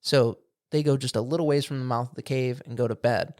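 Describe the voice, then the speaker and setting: A man's voice: mid-range voice, fairly even intonation, fairly quick, darkish tone. A man co-hosting a podcast, casually telling a rambling story and acting out quotes. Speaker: podcast co-host. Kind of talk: casual chat. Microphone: studio microphone.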